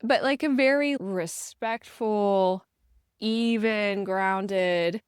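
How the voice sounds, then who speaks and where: A woman co-hosting a podcast with an everyday mid-range voice, chatty and quick to agree with her partner. The recording is close and dry, with no room sound. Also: mid-range voice, smooth, dry recording. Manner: chatty, agreeable, laughs often, backs up her co-host. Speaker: podcast co-host. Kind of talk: casual podcast chat.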